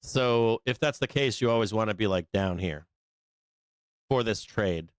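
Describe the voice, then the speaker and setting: A man with a low, smooth voice hosts a live trading stream in a loose, rambling way. He swears freely, and he fills his talk with ums and "you know what I mean." The sound is dry and close, with no room echo. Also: a little slow. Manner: rambling, profane, filler-heavy, quotes people in mocking voices. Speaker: livestream trading host. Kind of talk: casual live-stream commentary.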